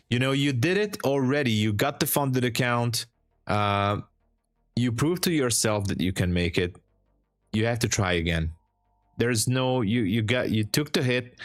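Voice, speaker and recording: A man hosting a live trading stream, chatting casually with viewers, laughing often and giving encouraging advice. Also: on the low side. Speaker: trading livestream host.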